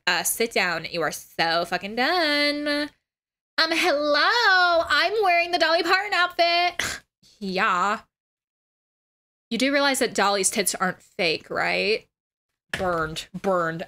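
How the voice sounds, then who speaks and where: A woman's voice: on the high side, fairly bright tone. A woman streamer chatting casually on a livestream, blunt and crude, swearing freely.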